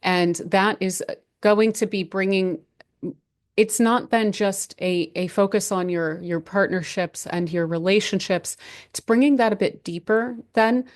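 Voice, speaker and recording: A woman hosting a horoscope channel, talking through the month's signs in a casual, rambling way with many restarts and gentle advice. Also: mid-range voice, measured pace. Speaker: astrology channel host.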